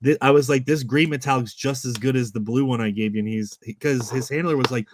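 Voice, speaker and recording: Man, casual host chat, animated storyteller, quotes people, middle pitch. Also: fast talker. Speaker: channel host. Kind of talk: casual chat recapping a convention.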